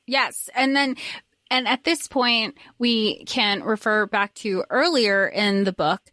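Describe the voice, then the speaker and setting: A woman's voice: fairly high pitch, slow pace, bright, forceful tone, no echo. A woman co-hosting a casual book podcast, talking through her thoughts in a chatty, meandering way. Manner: chatty, thinks aloud with fillers and restarts. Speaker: podcast co-host.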